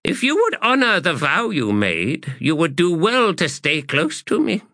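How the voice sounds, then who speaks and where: A man's voice: fairly high pitch, wildly swooping pitch, measured pace, sharp tone, dry recording, studio quality, pitched above the performer's own voice, full character voice. A man voicing a scornful old female sorceress who scolds sharply, in an audiobook.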